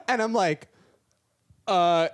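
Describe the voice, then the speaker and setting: A woman's voice: lowish voice, lively intonation, moderate pace, no room sound. A young woman co-hosting a podcast, telling work stories in casual chat, swearing and acting out customers. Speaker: podcast co-host.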